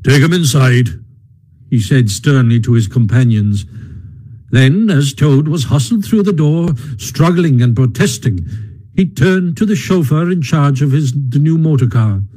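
Brief: male audiobook narrator, husky and mellow, steady delivery. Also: a little high, measured pace, poor audio. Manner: steady, even storytelling.

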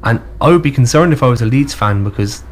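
A man hosting a casual football chat, giving measured, opinionated takes. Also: medium pitch, lively intonation, slight background noise.

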